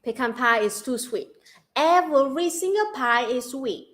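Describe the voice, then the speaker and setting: A woman from Central Vietnam with a Vietnamese accent, hosting a casual livestream chat, bubbly and quick to laugh. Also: high voice, expressive, fairly bright tone. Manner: bubbly, laughs often, reads donation questions. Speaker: livestream host.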